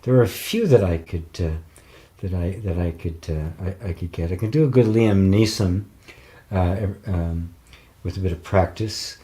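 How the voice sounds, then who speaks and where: Low-voiced older man chatting. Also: moderate pace, dark tone. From United States. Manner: rambling, chuckling, many fillers and restarts. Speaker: spiritual teacher. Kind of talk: casual live-stream chat, reading viewer comments.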